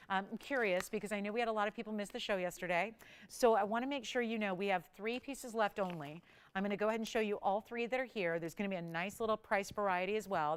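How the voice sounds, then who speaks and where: A woman hosting a live shopping channel, pitching jewelry with chatty enthusiasm and talking to callers and crew between descriptions. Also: smooth. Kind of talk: live on-air sales pitch.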